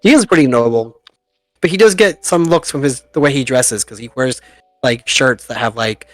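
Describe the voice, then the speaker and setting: A man's voice: medium pitch, moderate pace, no echo, faint music behind. A man narrating as game master of a tabletop game, chatty and laughing often at his own jokes.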